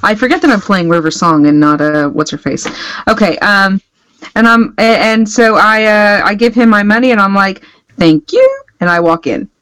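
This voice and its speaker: A woman's voice: mid-range voice, normal speed, fairly bright tone, smooth, dry recording, low-quality recording. Woman player, chatty, dry close sound, tabletop game. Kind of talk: casual tabletop play.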